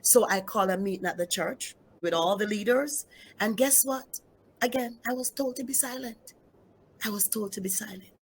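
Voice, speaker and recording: A woman's voice: medium pitch, normal speed, breathy edge. A middle-aged woman pastor telling her personal testimony in an interview, emphatic, repeating key phrases and speaking straight to her listeners.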